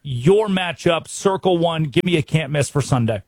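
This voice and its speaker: An American man hosting a sports radio show, brisk and wry, full of rhetorical questions. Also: fairly high pitch, lively intonation, a little mellow, no echo. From United States.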